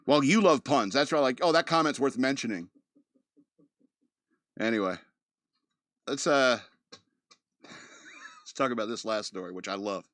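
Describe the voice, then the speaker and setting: A man's voice: mid-range voice, animated, unhurried, pauses often, fairly bright tone, no echo, clean studio sound. A man hosting a casual news commentary podcast, reading articles aloud and breaking off into loose, joking asides full of filler words. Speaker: podcast host.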